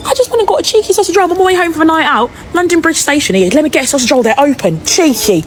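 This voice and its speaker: Woman, incredulous vlog rant, very lively pitch, somewhat high, faint background noise. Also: rapid-fire, hardly any pauses. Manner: incredulous, swearing. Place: train station at night.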